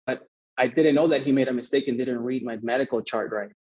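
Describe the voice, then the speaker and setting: Homem rouco contando história animada. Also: male voice, medium pitch, a little fast, husky, highs cut off. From Mexico. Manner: animated, swearing, acts out both sides of the story. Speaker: podcast guest. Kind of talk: casual storytelling.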